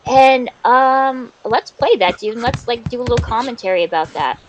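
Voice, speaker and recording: A woman's voice: on the high side, expressive, moderate pace, dull audio, noisy background. A woman in her forties from Canada, rambling in casual, profane live-stream chat while she plays a game, saying dude a lot. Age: 40s.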